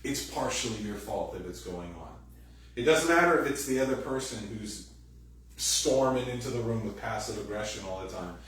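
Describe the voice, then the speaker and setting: A man giving a sermon as pastor, animated and conversational, acting out quoted voices loudly. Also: lowish voice, moderate pace. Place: church hall. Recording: very echoey room, distant mic, faint noise.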